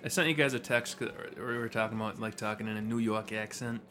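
A man's voice: on the low side, fast, bright, forceful tone. A man hosting a podcast in casual chat, joking around and swearing freely. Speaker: podcast host.

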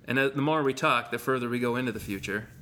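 A man's voice: medium pitch, fast, sharp tone. A man hosting a casual podcast, joking and rambling with his co-host.

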